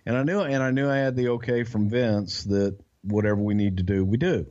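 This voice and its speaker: A man's voice: lowish voice, steady tone, a little fast, darkish tone, highs cut off. A man co-hosting a podcast, telling a backstage story in a rambling, profane way with lots of restarts. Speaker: podcast co-host. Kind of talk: casual storytelling chat.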